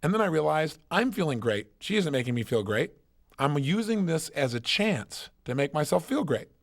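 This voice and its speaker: Motivational guy on stage, pitch all over the place, punchy storytelling, sits a bit high. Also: sing-song, normal speed. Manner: emphatic storytelling, rhetorical questions. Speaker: motivational speaker. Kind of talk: motivational seminar talk.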